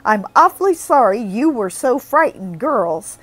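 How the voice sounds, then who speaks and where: A woman's voice: fairly high pitch, very animated, unhurried, a bit bright, no room sound, full character voice. A woman voicing a spirited, imaginative teenage girl who talks earnestly and expressively.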